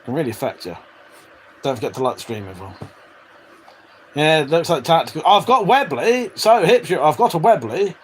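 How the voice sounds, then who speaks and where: A man's voice: fairly high pitch, very animated, fairly quick, long pauses, a little hiss or hum, poor audio. A man hosting a casual live stream, reading out chat messages, swearing freely and chuckling between remarks. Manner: chatty, swears freely, laughs often. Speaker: livestream host reading chat.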